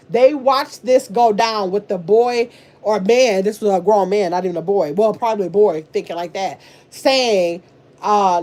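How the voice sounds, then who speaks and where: An older woman, hosting a casual livestream, reading viewer comments aloud and reacting with loud exclamations. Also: mid-range voice, moderate pace. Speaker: livestream host reading chat.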